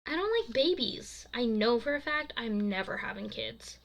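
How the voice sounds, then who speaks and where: A sarcastic, easily annoyed teenage girl who scolds her goofy friend with a raised, exasperated voice, as an author reads her story aloud. She sounds bright and sharp with him. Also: fairly high pitch, animated, moderate pace, creaky. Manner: teasing, exasperated.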